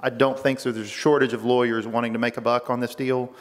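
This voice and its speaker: A man's voice: medium pitch, little pitch movement, quick pace. Man pressing a point in an echoing hearing room. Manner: pressing, argumentative, repeats words when restarting. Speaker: state legislator questioning a witness. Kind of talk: committee hearing questioning. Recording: long reverb of a hearing room.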